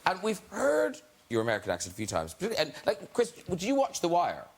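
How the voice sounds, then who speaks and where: A man's voice: sits high, wildly swooping pitch, a little fast, vocal fry, slightly rough. A man hosting a TV chat show, asking teasing, playful questions of his guests. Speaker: talk show host. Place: TV studio with audience. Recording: studio with audience noise.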